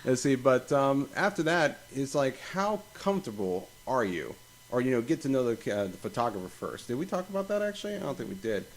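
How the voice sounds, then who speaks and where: A man's voice: mid-range voice, fairly quick, a little hiss or hum. Profane, rambling young man podcaster. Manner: profane, rambling, animated storytelling. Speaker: podcast host. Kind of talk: casual podcast chat.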